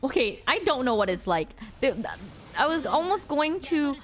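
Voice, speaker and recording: A woman streamer casually telling a story to her chat, animated and laughing often, acting out the lines of the people in it. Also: high voice, normal speed, faint music behind. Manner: animated, acts out quoted lines, frequent laughter. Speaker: rideshare driver.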